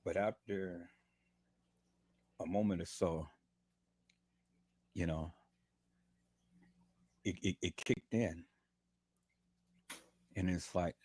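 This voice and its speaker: A man's voice: sits low, fairly even intonation, drawn-out words, long pauses, a little mellow, breathy edge. A man, in pain and lying in bed, giving a fervent, repetitive testimony of faith to livestream viewers and calling them "peoples". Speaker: livestream host.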